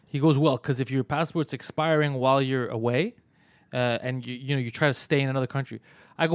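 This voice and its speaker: A Canadian man on a podcast telling a story in casual chat, acting out both sides with lively energy. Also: mid-range voice, brisk, clear, resonant tone, no echo. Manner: animated, acts out both sides of his story. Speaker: podcast host.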